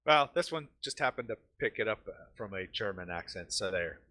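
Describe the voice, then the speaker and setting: A man acting as game master for a tabletop game, talking in a lowish, bright and forceful voice. He explains the scene in a relaxed, rambling way, often pausing with fillers. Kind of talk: casual tabletop narration.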